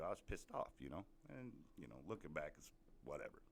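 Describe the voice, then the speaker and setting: Deep-voiced man on a profane rant. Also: big pitch swings, brisk, few pauses, fairly bright tone. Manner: blunt, heavy swearing, rambling storytelling. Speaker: podcast host ranting.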